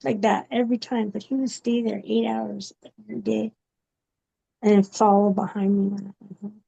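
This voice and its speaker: A woman giving a personal testimony in an interview, speaking haltingly with many pauses and fillers. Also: mid-range voice, level tone, warm tone. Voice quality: gravelly. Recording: dull, muffled recording.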